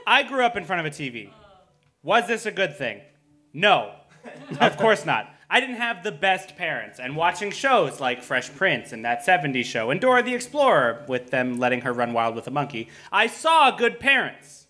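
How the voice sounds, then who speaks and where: Dry self-deprecating comedian, lively bright voice. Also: male voice, a little high, normal speed. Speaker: comedian contestant. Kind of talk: comedic debate speech. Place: comedy theatre stage with audience.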